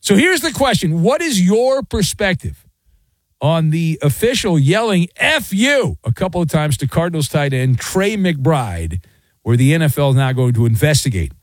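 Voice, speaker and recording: A man's voice: fairly high pitch, unhurried, no room sound. A middle-aged man hosting a sports talk radio show, ranting in a sarcastic, mocking way. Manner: sarcastic, mocking, animated rants. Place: radio studio.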